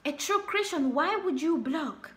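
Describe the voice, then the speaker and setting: A woman's voice: sits high, lively intonation, a little slow. A young woman preaching a sermon, repeating her warnings and rhetorical questions with emphasis. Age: young adult.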